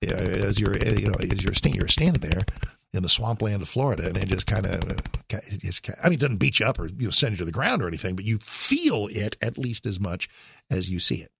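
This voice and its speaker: A man's voice: lowish voice, big pitch swings, quick pace, vocal fry, a bit bright, slightly rough. A man in his sixties, a radio host, telling a rambling personal story with wry asides and self-corrections. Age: 60s. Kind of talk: talk radio monologue, personal reminiscence.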